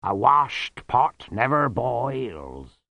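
A man voicing a large, amiable male yeti in a storybook reading, speaking in slow, booming, drawn-out phrases. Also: very animated, pushed and bright, no room sound, exaggerated voice. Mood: placid.

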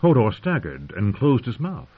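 A man narrating a fantasy audiobook in a dramatic, expressive reading. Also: medium pitch, normal speed, breathy edge. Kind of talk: scripted narration. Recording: dull lo-fi audio.

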